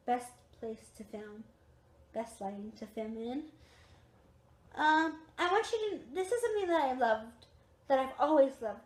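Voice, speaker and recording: A young woman with a high voice chats to her camera from her recliner late at night, sounding tired. She repeats her points with emphasis, and the room around her rings with echo. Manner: chatty, repetitive, emphatic. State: tired, yawning. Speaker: vlogger. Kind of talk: casual chat to camera. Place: at home on a recliner.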